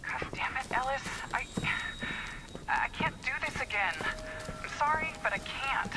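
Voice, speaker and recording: A woman's voice: high voice, lively intonation, moderate pace, very noisy. An actress playing a worried, upset woman speaking over the phone to a troubled man. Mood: pained. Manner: upset, pleading.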